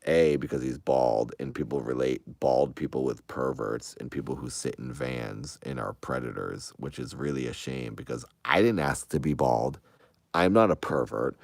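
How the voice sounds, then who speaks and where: A man with an extremely low voice and a gravelly rasp talks casually to his online viewers. He answers their comments one by one, rambling defensively and often restarting his sentences. The recording is dry and close, with no room sound. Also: normal speed, no room sound. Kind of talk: casual chat to an online audience.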